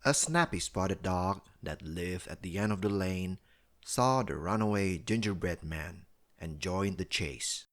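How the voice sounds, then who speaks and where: Deep-voiced man reading a bedtime story. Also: a little slow. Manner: expressive storybook narration.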